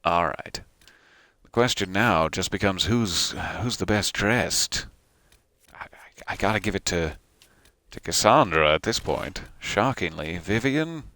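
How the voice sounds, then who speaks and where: A man's voice: sits low, expressive, unhurried, pushed and bright, dry recording. A man giving casual, joking commentary while playing a video game as the host of a let's play. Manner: joking, self-deprecating asides.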